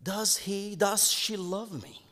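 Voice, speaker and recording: A man with a Romanian accent preaching a sermon to his congregation, impassioned, calling them "my beloved" and swinging between hushed tones and raised exclamations. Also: high voice, slow. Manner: impassioned, addresses listeners as "my beloved". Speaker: pastor. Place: church sanctuary. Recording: long church hall reverb.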